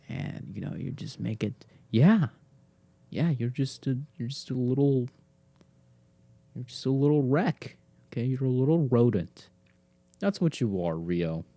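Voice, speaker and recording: A man's voice: mid-range voice, mellow, dry recording. Young man, podcast host, rambling, teasing, swearing, slips into whispers, dry close sound. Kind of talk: solo podcast monologue.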